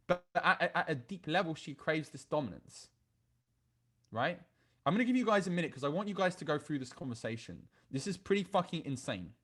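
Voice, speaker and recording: A man gives a dating masterclass in a blunt, crude way. His voice sits a little high, and he often stumbles and restarts mid-sentence. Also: sing-song, brisk, fairly bright tone. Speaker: dating coach. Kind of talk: online masterclass talk.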